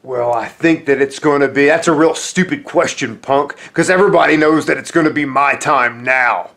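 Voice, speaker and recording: An arrogant wrestling champion who sneers and throws insults, stretching his words out slowly, as a man does the voice. He sounds a little high and forceful. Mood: sneering.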